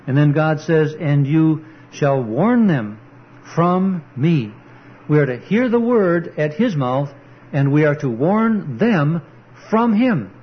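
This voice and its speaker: Man, sermon, emphatic preaching, slightly high voice, husky, dull lo-fi sound. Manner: earnest, emphatic preaching with quoted scripture. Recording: dull lo-fi recording.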